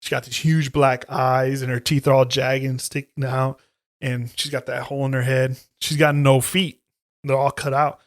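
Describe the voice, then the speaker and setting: Retelling a horror film's plot, the co-host of a casual podcast swears a great deal and animatedly acts out the characters' lines. His medium-pitched voice moves at normal speed in clean studio sound with no room sound.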